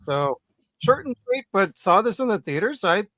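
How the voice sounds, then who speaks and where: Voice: medium pitch, sing-song, normal speed, a bit bright, no echo, studio quality. A podcast host in a casual movie chat, chatty and swearing freely.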